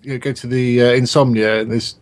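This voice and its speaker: Podcast guy, rambly, keeps restarting sentences, mid-pitch voice. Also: level tone, brisk. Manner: rambling, hesitant, lots of restarts. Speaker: podcast co-host. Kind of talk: casual podcast banter.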